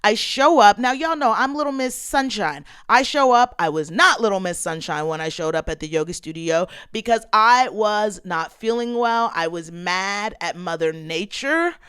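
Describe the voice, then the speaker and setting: A woman in her thirties hosts a casual podcast and tells her listeners a personal story. She is tearful, yet her voice stays smooth and resonant. She speaks expressively into a dry, close microphone. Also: medium pitch, normal speed, few pauses, no echo. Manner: emotional, expressive storytelling, addresses listeners as y'all. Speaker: podcast host. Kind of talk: casual personal vlog talk.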